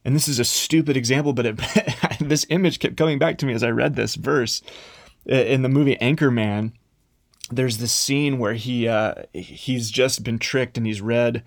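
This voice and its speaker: A man's voice: mid-range voice, steady tone, moderate pace, creaky, no echo. Man preaching a conversational sermon, dry sound.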